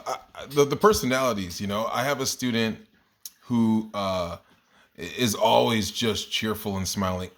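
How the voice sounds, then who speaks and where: A man's voice: medium pitch, a bit bright. A man who teaches kindergarten, telling stories about his class in a casual video diary, rambling and correcting himself and laughing at his own stories. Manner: rambling, self-correcting storyteller.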